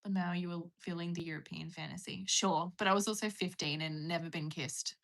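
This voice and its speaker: A woman's voice: fairly low pitch, fairly even intonation, fairly quick, vocal fry, fairly bright tone. A young British woman chatting casually on a live stream, giggly and rambling, calling out to her pet now and then.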